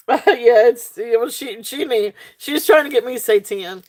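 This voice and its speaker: With a fairly high, darkish-toned voice, a Southern woman sells on a live stream, animated but keeping a measured pace. Her casual chatter is full of ums and giggles.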